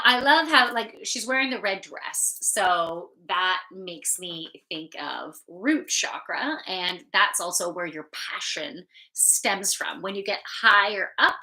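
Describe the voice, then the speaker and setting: A woman gives a live oracle card reading in a bright, clear voice. She talks slowly and chats casually, with an offhand swear here and there. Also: mid-range voice, poor audio. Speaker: spiritual card reader and channeler.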